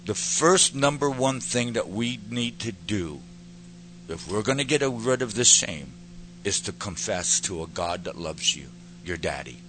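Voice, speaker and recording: A man's voice: lowish voice, lively intonation, unhurried, noisy background. A man giving an earnest personal testimony that turns into preaching, building to emphatic peaks as he speaks to a pastor.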